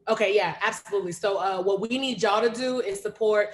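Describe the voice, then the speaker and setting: A woman hosting a poetry reading over a video call, lively and slangy, hyping up her audience and reading an introduction. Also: mid-range voice, a little fast, slight background noise. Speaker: host of reading series. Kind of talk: casual live-stream hosting.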